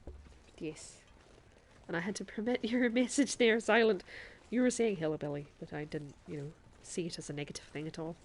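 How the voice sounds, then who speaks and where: A chatty woman streamer with a lowish voice, talking over her gameplay in a put-on Irish lilt. She laughs easily and speaks straight to her chat between moves. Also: moderate pace. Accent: put-on Irish accent. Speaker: game streamer. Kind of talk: live gameplay commentary.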